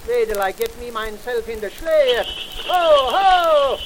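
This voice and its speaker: A man's voice: extremely high pitch, lively intonation, takes it slowly, a little hiss or hum, full character voice, rough recording. A man playing a jolly old Santa Claus, giving comic orders to his reindeer on an old novelty record. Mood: bossy, jolly. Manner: comic dialect, hearty ho-hos, barking orders. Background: music.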